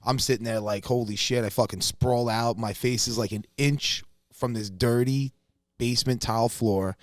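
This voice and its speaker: A man's voice: medium pitch, normal speed, dry recording, clean studio sound. A man co-hosting a podcast, telling a story in casual chat, swearing freely and acting out quotes. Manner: profane, animated storyteller who acts out quotes loudly. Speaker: podcast co-host.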